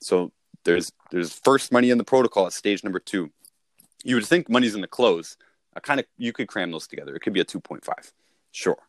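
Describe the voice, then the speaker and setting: Low-voiced man coaching on sales. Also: animated, a little fast, no echo, clean studio sound. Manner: conversational, repeats himself, restarts. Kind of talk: casual coaching talk.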